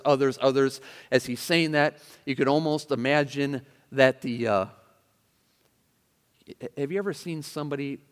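A pastor with a medium-pitched voice preaches expressively, acting out the attitudes he quotes and tossing chatty asides to his listeners. A long reverb tail trails his words.

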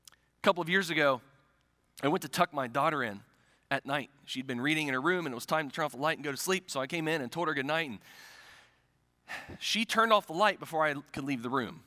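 A man's voice: a little high, animated, fast, long pauses, sharp tone, in a large hall. A middle-aged male pastor preaching a sermon, telling stories and asking rhetorical questions, in a church sanctuary.

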